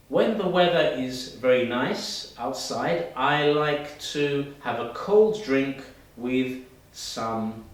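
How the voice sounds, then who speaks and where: Slow, deliberate male English teacher in echoey room. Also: on the high side. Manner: slow, deliberate, exaggerated mouthing of example words. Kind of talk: video pronunciation lesson. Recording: roomy echo, voice from a distance.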